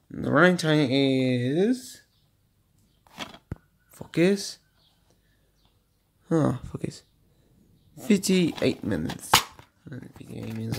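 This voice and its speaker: A man at home casually showing off his DVD collection, reading out running times in a halting, stumbling way. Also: medium pitch, gravelly. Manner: shouts at noisy kids, then apologizes. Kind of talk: casual home video show-and-tell. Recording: faint background noise.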